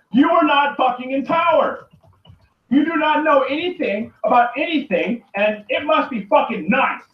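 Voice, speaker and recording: A man on his own, in an angry and rambling rant full of swearing that keeps circling back and sometimes breaks into shouting. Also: extremely high pitch. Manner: profane, rambling and repetitive, often shouting. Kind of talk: angry solo rant to camera. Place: room by a running turtle tank. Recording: echoey, distant, dull lo-fi. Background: running water.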